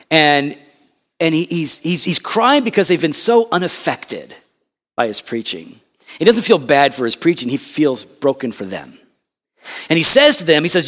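Impassioned preacher with a lively voice. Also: male voice, on the high side, normal speed. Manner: impassioned, rises to loud emphatic peaks; conversational asides and acted quotes. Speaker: pastor. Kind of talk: sermon.

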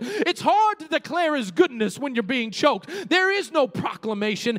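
A man preaching to his congregation in a church. His voice sits high and leaps up and down as he moves from playful asides to fervent appeals. A long reverb trails each phrase through the sanctuary. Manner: animated preaching with humorous asides and calls to the congregation. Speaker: pastor. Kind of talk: sermon.

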